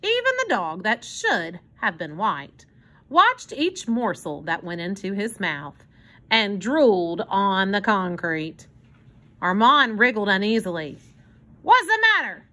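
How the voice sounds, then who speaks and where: A woman reading a children's book aloud in an expressive storytelling manner. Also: mid-range voice, slow pace. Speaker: narrator.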